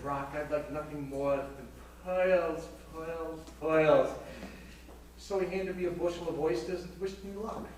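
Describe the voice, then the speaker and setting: A man plays a bawdy aging woman spinning racy stories in a live vaudeville comedy monologue, his voice a little high as he teases the crowd between punchlines. It was caught on a small theater stage by a far camera in the house, so the sound is echoey, distant and noisy, with audience laughter behind him.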